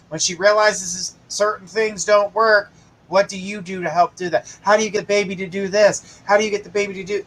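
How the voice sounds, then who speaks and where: A man with a high voice hosts a live psychic reading, speaking casually and reassuringly. His tone is bright and forward. He often gives the caller direct, firm advice. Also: slight background noise, rough recording. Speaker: psychic host.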